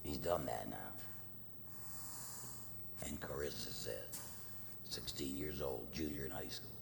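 A middle-aged man preaching a sermon as pastor, telling a family story with acted quotes, swinging from loud to hushed. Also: extremely low pitch, unhurried, vocal fry. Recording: long reverb, faint noise.

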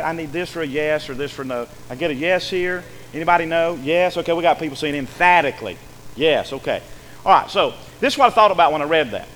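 A man, a pastor preaching a folksy, animated sermon to his church, often repeating words. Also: a little high. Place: church sanctuary. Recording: long hall reverb, faint noise.

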